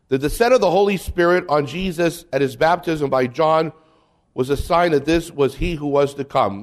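Man teaching catechism, animated and humorous. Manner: humorous, mimics bishops and kids, drops voice low for asides. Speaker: Catholic priest teaching. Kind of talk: catechism talk with reading aloud.

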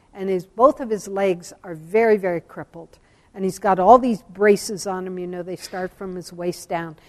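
A religious sister giving an earnest spiritual talk, telling a story with slow, emphatic phrases. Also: female voice, medium pitch, a little mellow, long reverb tail. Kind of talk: sermon-style talk on scripture.

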